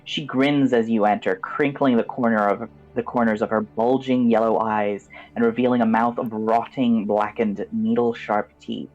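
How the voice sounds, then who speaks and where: A man's voice: on the low side, fairly even intonation, moderate pace, few pauses, dull audio, soft background music. A man as game master, giving vivid descriptive narration of a tabletop game and turning loose with fillers when he improvises.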